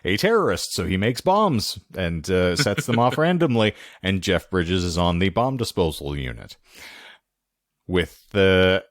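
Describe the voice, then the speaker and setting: Low-voiced man recapping films casually. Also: big pitch swings, unhurried, dry recording, studio quality. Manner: rambling, filler-heavy film recaps. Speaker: podcast co-host. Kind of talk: casual chat about films.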